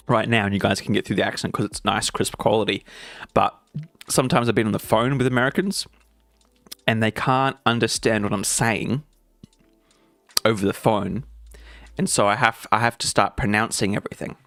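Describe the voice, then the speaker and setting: A man's voice: lowish voice, vocal fry, fairly bright tone, dry recording. A man with an Australian accent, a game developer chatting casually and jokingly with viewers on a live stream. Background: faint music playing.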